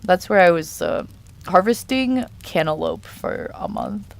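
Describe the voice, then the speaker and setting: A woman's voice: on the low side, huge pitch swings, a little slow, vocal fry. A young woman chatting casually on a live stream while she draws, playfully reading and answering chat messages. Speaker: art streamer.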